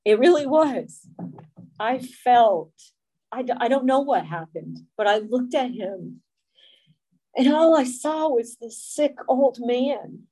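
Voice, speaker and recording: A middle-aged woman giving a personal recovery testimony, speaking in an earnest, emotional, halting way. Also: fairly high pitch, expressive, warm tone.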